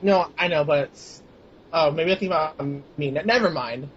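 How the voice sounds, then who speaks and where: A man's voice: on the high side, normal speed. A young man trading wisecracks and mumbled asides in a casual chat. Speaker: co-host, joking sidekick. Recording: dull lo-fi home recording with faint hiss.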